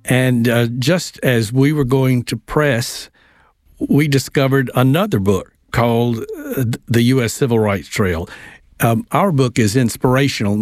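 Male guest, mid-pitched, anecdotal storyteller with filler pauses, dry studio sound. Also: darkish tone, dry recording. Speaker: state tourism director and author. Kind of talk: radio interview guest.

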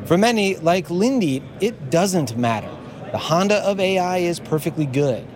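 A man delivering a scripted radio news report in a measured, even way. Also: sits high, a crowd in the background.

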